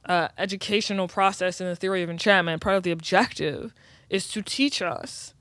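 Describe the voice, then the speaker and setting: A woman guest speaking reflectively and earnestly in a casual chat, often pausing on "like.". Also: on the low side, fairly bright tone, no echo. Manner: reflective, earnest, many "like" fillers. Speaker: guest, writer and educator.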